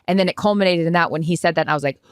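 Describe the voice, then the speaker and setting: Woman co-host, animated chatty talker, laughs through her lines, dry close sound. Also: lowish voice, racing, clear, resonant tone, no echo. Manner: animated, laughs often mid-sentence; swears casually. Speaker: podcast co-host. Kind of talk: casual chat.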